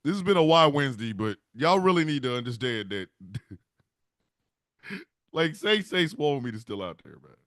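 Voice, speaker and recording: A man's voice: medium pitch, sing-song, moderate pace, long pauses, a bit bright, dry recording, clean studio sound. A man hosting a comedic talk show, telling a rambling story full of laughter and swearing. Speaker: show host.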